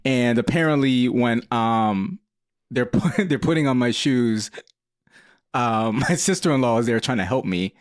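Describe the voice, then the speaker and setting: A man's voice: medium pitch, a little slow, dry recording, clean studio sound. A man on a podcast as a guest, telling a rambling party story in casual chat and laughing often.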